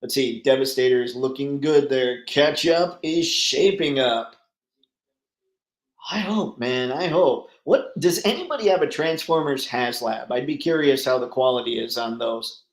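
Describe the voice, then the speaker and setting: A man's voice: medium pitch, a little slow, roomy sound, low-quality recording. A man hosting a casual live stream, chatting and reading out viewer comments with rambling, easygoing talk and easy laughs. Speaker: livestream host.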